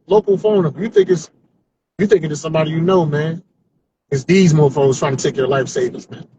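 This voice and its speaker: This comedian's high voice has a darkish tone, and the audio is dull with slight background noise. Driving on his commute, he rambles through untested stand-up jokes with no notes, talking to himself and often finishing with "man," as stream-of-consciousness practice.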